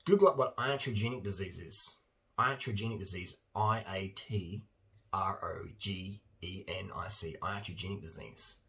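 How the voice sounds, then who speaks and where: A man's voice: deep voice, moderate pace. A man, talking in a casual, blunt monologue and acting out silly voices with bursts of laughter. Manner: animated, acts out silly voices and laughs often; blunt and opinionated. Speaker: vlogger.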